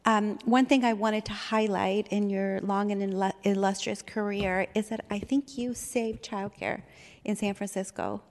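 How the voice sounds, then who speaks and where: A woman's voice: mid-range voice, steady tone, unhurried. A woman on a government board giving a heartfelt, unscripted tribute, speaking emotionally with many fillers. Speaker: board supervisor. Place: government meeting chamber. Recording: long reverb of a meeting chamber.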